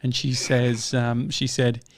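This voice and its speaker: A man's voice: medium pitch, little pitch movement, slow, dry recording. An Australian man co-hosting a podcast, telling rambling stories in casual chat with plenty of fillers. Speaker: podcast co-host.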